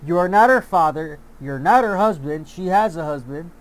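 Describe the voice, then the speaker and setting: A man's voice: on the high side, animated, normal speed. A man delivering a heated, profane commentary rant, often repeating himself and restarting his sentences. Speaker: YouTube commentator. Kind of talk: angry ranting commentary.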